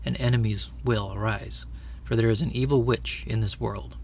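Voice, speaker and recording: A man doing a kingly storybook lion with a grave, measured, commanding delivery. The voice is gravelly and sits a little lower than his narration. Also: steady tone, a little mellow, a little hiss or hum, close to an everyday voice. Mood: solemn. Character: great male lion, solemn and kingly.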